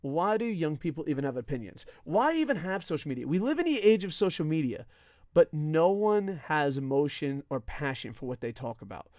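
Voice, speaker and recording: A man hosting a live wrestling podcast alone, ranting loudly and swearing often as he reads viewer comments. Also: on the high side, no room sound, clean studio sound. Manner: loud, profane, often yelling.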